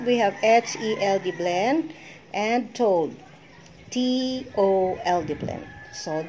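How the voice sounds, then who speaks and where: A middle-aged woman with a Filipino accent, teaching a shorthand lesson and deliberately spelling out letters one by one. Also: fairly high pitch, darkish tone, a little hiss or hum. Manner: slow, deliberate spelling out of letters with code-switching. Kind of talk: instructional lesson.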